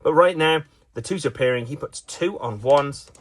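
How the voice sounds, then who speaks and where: A man's voice: on the high side, normal speed. A man giving playful mock sports commentary of a dice game he plays against himself, jokey and full of asides. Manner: playful, jokey, with frequent fillers and restarts.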